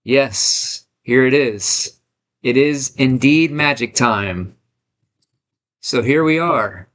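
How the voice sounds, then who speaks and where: A man's voice: mid-range voice, very slow, a bit bright. A man hosting a live stream from his home studio, hyped and greeting chat viewers one by one. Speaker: livestream host.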